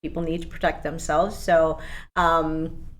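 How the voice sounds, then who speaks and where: Female guest, slightly low voice, enthusiastic storyteller, chatty interview. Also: little pitch movement, unhurried, a little hiss or hum. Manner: enthusiastic storyteller, frequent "you know" and laughs. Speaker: guest, program coordinator. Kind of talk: casual interview.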